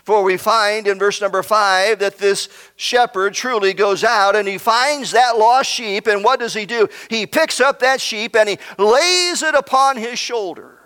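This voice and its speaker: A male pastor with a high voice delivers a slow, deliberate sermon. He preaches with swings from ringing emphasis to quiet, hushed asides. The sound carries a long reverb, as if recorded in a large church sanctuary. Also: clean tone. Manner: preachy, rising to emphatic shouts then dropping to near whispers.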